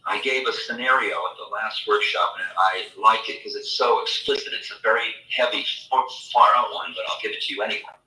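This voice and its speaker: A man giving a spiritual lecture, telling stories in an animated way and acting out imagined voices. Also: on the low side, brisk. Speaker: spiritual teacher. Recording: echoey room, mic far off.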